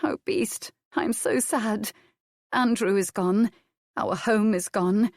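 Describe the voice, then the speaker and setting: A woman's voice: mid-range voice, slow pace, a little mellow, no echo, voice pushed up. A woman reading the part of a proud, composed young noblewoman in an audiobook. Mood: sad. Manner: dry, composed.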